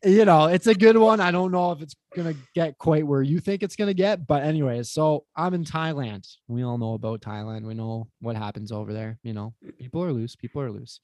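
A man's voice: fairly high pitch, brisk, hardly any pauses, no room sound. A man telling a profane story, dry close mic. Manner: animated, profane, acts out quotes. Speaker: podcast guest. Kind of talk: casual storytelling chat.

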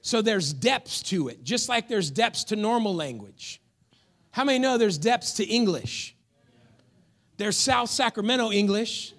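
A man preaching a sermon as pastor, animated and telling stories, now and then rising to a shout. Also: high-pitched, measured pace. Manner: animated, storytelling, breaks into shouts.

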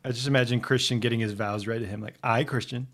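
A man's voice: medium pitch, steady tone, quick pace, a bit bright, a little hiss or hum. A man co-hosting a podcast, cracking goofy jokes in casual banter. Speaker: podcast co-host. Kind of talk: casual chat.

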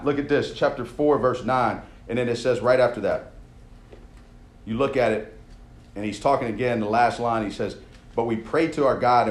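A man's voice: medium pitch, slight background noise. A young man, a coach, giving an emphatic, conversational sermon and checking in often with his listeners. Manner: emphatic, conversational preaching with frequent "all right?" check-ins. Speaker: coach leading a devotional. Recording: echoey room.

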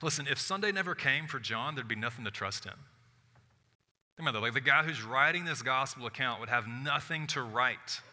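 Male preacher, animated storyteller, bright tone, big reverberant room. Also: mid-range voice, fairly quick. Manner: animated storytelling, acts out voices, swings from loud to hushed. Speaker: pastor. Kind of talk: sermon.

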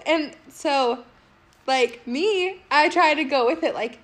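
A woman co-hosting a podcast tells a story in casual chat, laughing a lot and swearing freely. Her voice is high-pitched and her pace slow.

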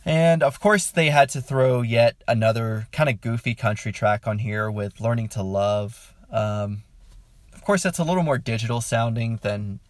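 A man's voice: medium pitch, moderate pace, no echo, clean studio sound. A man giving a casual, enthusiastic album review, rambling with many "um"s and chuckling mid-sentence. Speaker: music reviewer.

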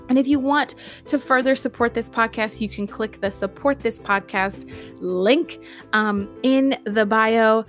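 Upbeat woman hosting a motivational podcast. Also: on the high side. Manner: emphatic and repetitive, piling up words, laughing between lines. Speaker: podcast host.

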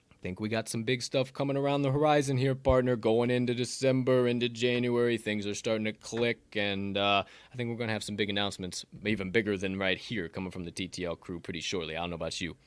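A man hosts a sports betting podcast in loose, energetic banter. He swears freely and wanders off on tangents. The recording is dry and close. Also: medium pitch, smooth, no room sound. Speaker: podcast host. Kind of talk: casual sports betting chat.

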